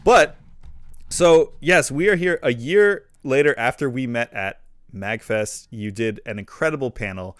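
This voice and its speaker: A man's voice: mid-range voice, a little slow, a bit bright, clear, resonant tone, no room sound, studio quality. A man hosting a casual livestream interview, upbeat and chatty, often breaking into laughter. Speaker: podcast host.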